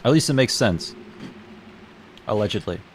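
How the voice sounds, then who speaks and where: A man with a somewhat low voice chats casually through a game stream. He rambles, swears, laughs at himself and trips over his own sentences. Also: lively intonation, normal speed, slight background noise. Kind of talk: casual gaming stream commentary.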